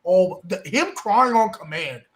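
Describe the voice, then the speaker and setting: A man on a podcast in casual chat, telling stories and acting out quotes with big swings in his voice. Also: unhurried. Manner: animated, acts out quotes with big pitch swings. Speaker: podcast co-host; youth coach.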